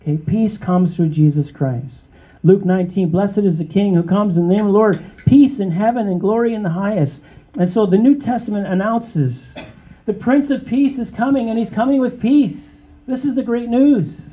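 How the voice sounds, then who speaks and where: A man preaching with earnest emphasis, his voice sitting a little high and swinging upward when he gets excited. He keeps turning to his listeners with quick check-ins, and the recording sounds dull and muffled. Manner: emphatic, rising to high exclamations; conversational, with frequent check-ins to the congregation. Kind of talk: sermon.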